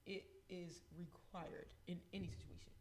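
A man's voice: sits high, little pitch movement, moderate pace, noisy background. A man co-hosting a podcast, ranting emphatically and swearing freely. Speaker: podcast co-host. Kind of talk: casual chat.

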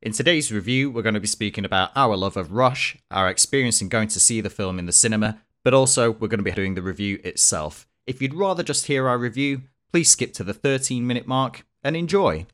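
A young man co-hosting a casual review podcast, relaxed and full of ums. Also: fairly low pitch, a little fast, hardly any pauses. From England. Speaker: podcast co-host.

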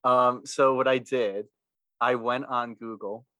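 A man co-hosting a podcast in casual chat, laid-back and quick to laugh. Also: medium pitch, steady tone, pushed and bright, dry recording. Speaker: podcast co-host.

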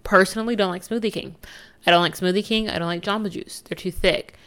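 A woman's voice: medium pitch, fairly even intonation, fast, a bit bright. A young woman from the United States hosting her own podcast, talking in a chatty, candid way and laughing easily. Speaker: podcast host. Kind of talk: casual solo podcast chat.

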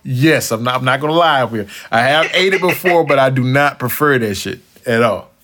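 A man hosting a casual interview podcast, joking and animated, laughing often and swearing freely. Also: mid-range voice, fairly quick. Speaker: podcast host.

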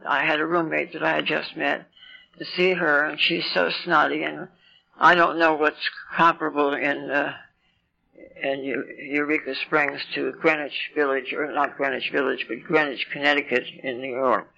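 A woman's voice: sits low, fairly even intonation, normal speed, gravelly, pushed and bright. A woman in her eighties telling her recovery story at a meeting, rambling and self-mocking, with wry asides. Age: 80s. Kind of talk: personal recovery story talk. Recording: lo-fi 1990s meeting tape.

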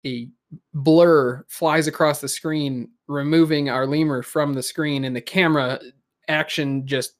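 A man improvising a silly adventure story in casual chat, halting and searching for words. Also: mid-range voice.

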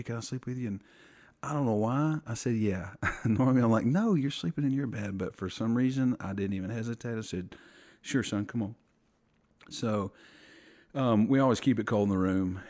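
Deep-voiced man telling a halting faith story. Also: darkish tone. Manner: halting, restarts often, earnest. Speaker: podcast guest.

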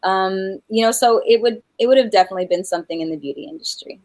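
A woman's voice: mid-range voice, fast talker, a little hiss or hum, rough recording. A middle-aged woman from New Mexico, a guest singer chatting in an interview, talking with many fillers and restarts. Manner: warm, many fillers and restarts, laughs often. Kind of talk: casual interview chat.

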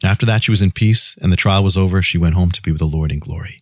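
A man's voice: quick pace, dry recording, studio quality. A man giving a short devotional radio message, telling a story and then urging listeners to call for a free gift. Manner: storytelling, then fervent offer pitch. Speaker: radio minister.

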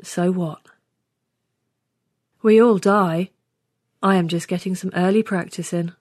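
A woman's voice: on the low side, fairly even intonation, slow, darkish tone, no room sound, studio quality. A woman reading a science fiction story aloud in the first person with a wry tone. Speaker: story reader. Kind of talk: scripted narration.

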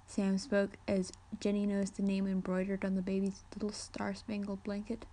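A woman reading her own story aloud in a steady, even narrating voice. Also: mid-range voice, moderate pace. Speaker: reader of her own fan fiction.

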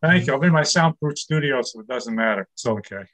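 A New York City man in his sixties performs a stand-up comedy set over a video call from his home studio, firing off one-liners and laughing at his own jokes. His medium-pitched voice is brisk with lively intonation, and a crowd can be heard in the background.

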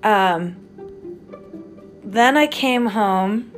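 Woman, unhurried speech, giggly, excitable, stream-of-consciousness monologue, faint music behind. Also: medium pitch. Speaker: podcaster. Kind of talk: rambling late-night monologue. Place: at home.

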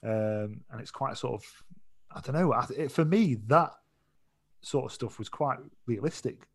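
Male podcast co-host, middle pitch, relaxed and chuckly, meandering reviewer. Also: normal speed. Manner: laughing, easygoing, meandering. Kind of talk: casual film chat.

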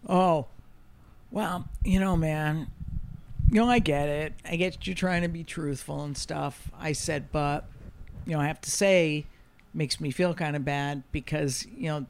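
A comedian hosts a podcast, swearing freely as he tells his stories. He acts out the people in them with lively quoted lines. A faint hiss sits under his voice. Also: a little high, measured pace. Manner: profane, animated storyteller who acts out quotes. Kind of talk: casual storytelling chat.

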